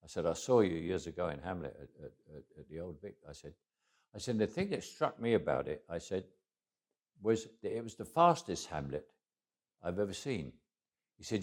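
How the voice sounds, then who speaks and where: Older man, London accent, very low voice, wry anecdotal storytelling, halting restarts. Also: animated. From England. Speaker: interviewee. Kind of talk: casual interview storytelling.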